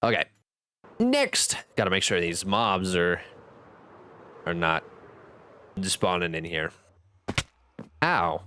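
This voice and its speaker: A man streaming a game chats casually, reading viewers' messages aloud, thanking them, and joking at his own expense. His sing-song voice is pushed and bright, swinging between high and low pitch, and he takes it slowly with long pauses. There's slight background noise.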